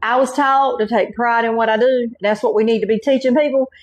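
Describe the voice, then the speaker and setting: The recording is muffled, and the woman's fairly high voice stays fairly even in intonation while moving fairly quickly. She's a middle-aged cooking channel host from North Carolina with a Southern Carolina accent. She demonstrates home cooking in a folksy, chatty way, saying "y'all" and "okay" again and again.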